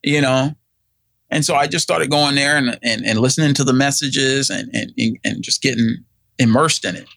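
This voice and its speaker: A gravelly-voiced middle-aged man rambles through a personal story, full of fillers and restarts. He slips into the voices of the people he quotes. The sound is close and dry, with no room around it. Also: medium pitch, moderate pace, fairly bright tone, dry recording. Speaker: guest telling his story. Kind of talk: casual storytelling.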